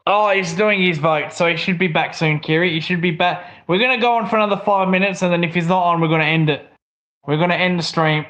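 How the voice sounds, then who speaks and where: High-voiced swearing Australian bloke. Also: male voice, fairly even intonation, fast, fairly bright tone. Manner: swears a lot, rants. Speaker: livestream co-host. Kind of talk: casual stream chat.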